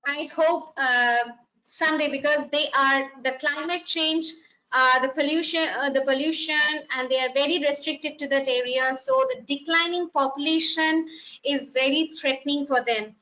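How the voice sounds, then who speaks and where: Woman, high voice, hesitant with many fillers, muffled lo-fi audio. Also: steady tone, normal speed, sharp tone. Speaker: expedition leader giving a wildlife talk. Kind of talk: unscripted slide presentation. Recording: muffled, lo-fi online talk audio.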